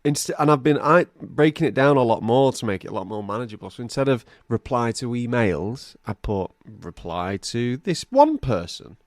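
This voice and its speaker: A jokey, self-mocking man chatting on a podcast. His voice is mid-pitched and recorded dry and close on a podcast mic, with no room sound. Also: expressive, moderate pace, few pauses, dry recording. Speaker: podcast co-host. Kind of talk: casual chat.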